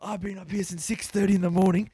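A man's voice: a little high, brisk, no echo. Man doing a furious, swearing supermarket worker. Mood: indignant. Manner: shouting, swearing rant.

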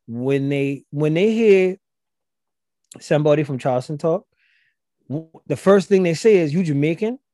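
A man's voice: fairly high pitch, dark tone, no room sound, studio quality. A man with a Gullah Geechee accent, talking as a guest and explaining his language in a loose, conversational way with frequent restarts. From South Carolina. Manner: loose, repetitive restarts, acts out quoted voices.

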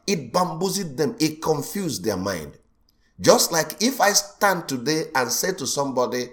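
Man, pastor, sermon, middle-aged, swooping lively pitch, animated delivery, acts out quotes. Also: moderate pace.

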